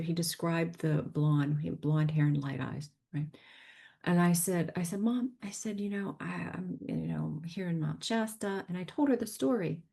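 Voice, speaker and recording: A woman's voice: on the low side, creaky, husky. A woman telling a personal story as a podcast guest, acting out the people she quotes and dropping to a whisper at tense moments. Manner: animated storyteller, acts out quoted voices, drops to a whisper.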